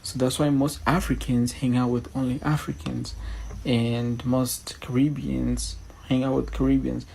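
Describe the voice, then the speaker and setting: A man explains in a casual, rambling way. His voice is flat and gravelly with a dark, mellow tone. Faint background noise sits under him. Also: medium pitch, unhurried, poor audio.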